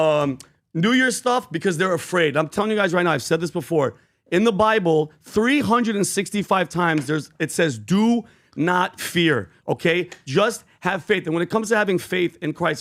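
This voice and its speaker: A man co-hosting a podcast, telling a faith story with animated, preachy conviction. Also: a little high, brisk. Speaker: podcast co-host. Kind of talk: casual podcast chat.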